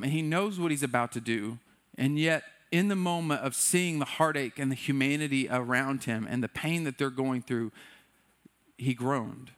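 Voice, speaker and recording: A man's voice: medium pitch, a bit bright. A man preaching a sermon in a loose, conversational way, often acting out what people in the story say. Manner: conversational, playful, acts out quotes. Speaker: pastor.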